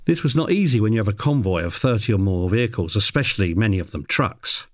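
Speaking quickly and expressively on a dry recording, a man who handles animals narrates a story from his job with wry, deadpan humor. He slips into a high voice to imitate a parrot.

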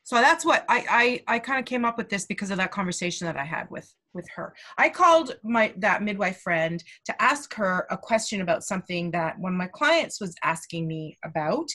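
A woman from Canada co-hosting a doula podcast, talking in a chatty, animated, self-deprecating way. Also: medium pitch, moderate pace, hardly any pauses. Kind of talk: casual chat.

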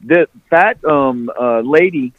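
A man's voice: on the high side, slow pace, phone-quality sound. A man guest on a podcast telling a long story casually, profane and restarting often.

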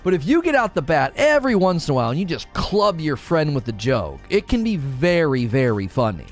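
A man's voice: on the high side, sing-song, brisk, soft background music. A young adult man chatting casually on a live stream, talking with animation and laughing often.

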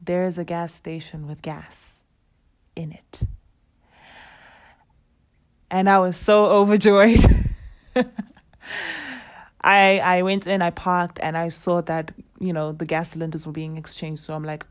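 Lower-pitched woman storyteller. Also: measured pace, long pauses. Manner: animated, acts out quoted dialogue, laughs often. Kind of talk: casual personal storytelling.

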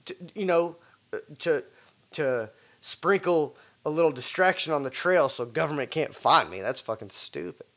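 Co-hosting a casual podcast, a man talks bluntly and swears freely, stumbling over repeated words as he starts sentences. His voice is on the high side and fairly bright, with lively intonation and a moderate pace.

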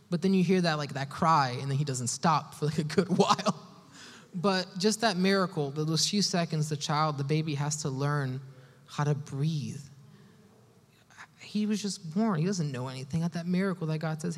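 A man's voice: fairly high pitch, moderate pace. A young adult man preaching a casual sermon to young adults, chatty and conversational, full of "you know" and "man.". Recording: long hall reverb.

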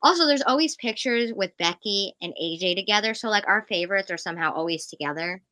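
A woman co-hosting a casual fan chat show from home, excitable and rambling as she jumps between thoughts. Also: mid-range voice, fast, no room sound. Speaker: podcast co-host.

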